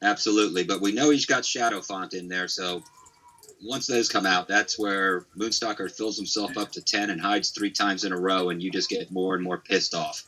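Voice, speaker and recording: Man, game commentator, low-pitched, husky, chatty, rambling. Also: fairly even intonation, moderate pace, pushed and bright, low-quality recording. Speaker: esports commentator.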